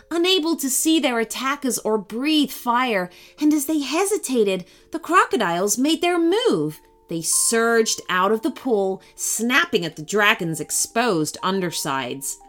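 Expressive woman reading a kids' story. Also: mid-range voice. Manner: expressive, dramatic storybook delivery. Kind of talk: scripted children's story narration.

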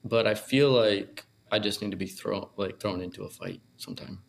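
A man's voice: fairly low pitch, moderate pace, vocal fry. A young man co-hosting a podcast, chatting casually in a hesitant, self-deprecating way. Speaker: podcast co-host. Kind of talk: casual chat.

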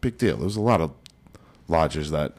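A man's voice: extremely low pitch, lively intonation, moderate pace, darkish tone. A man hosting a casual podcast, reading out list items and adding blunt, offhand comments. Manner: reads items out, then adds blunt offhand remarks.

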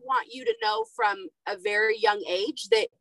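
Animated high-voiced woman podcast host. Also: moderate pace, creaky, no room sound, rough recording. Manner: animated storytelling, candid. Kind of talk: casual podcast chat.

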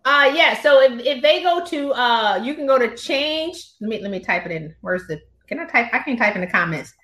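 Woman guest coach, preacher-like animated delivery, echoey room sound. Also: on the high side, moderate pace. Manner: animated, acts out dialogues, preacher-like cadence. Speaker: guest coach on pay negotiation. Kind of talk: lively conversational advice on a live stream.

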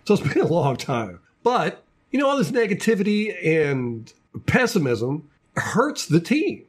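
A man's voice: high-pitched, wildly swooping pitch, unhurried. A man hosting a casual sports podcast, ranting with lots of repeated words and restarts. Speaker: podcast host.

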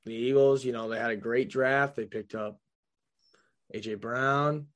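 A man's voice: mid-range voice, steady tone, measured pace, a bit bright, dull audio. Casual young man hosting a sports chat. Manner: loose, joking, swears casually. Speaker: podcast host.

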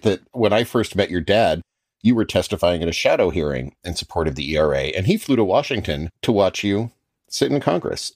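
A man's voice: low-pitched, darkish tone, no room sound, clean studio sound. A man interviewing a guest, asking long, thoughtful, winding questions in a conversational way.

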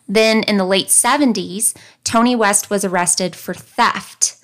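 A woman's voice: mid-range voice, measured pace. A woman from the American South hosting a podcast, narrating a true crime case with wry asides. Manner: conversational, reads facts then comments wryly. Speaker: podcast host.

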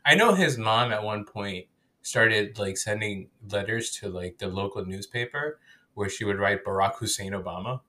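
A man's voice: fairly low pitch, moderate pace. A man co-hosting a podcast, telling stories in casual chat and laughing often. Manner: animated storytelling, laughs often. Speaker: podcast co-host.

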